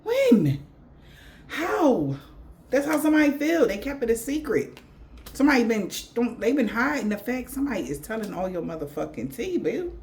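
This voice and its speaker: A woman's voice: medium pitch, darkish tone. A woman giving a spiritual reading in blunt, profane slang. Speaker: tarot reader.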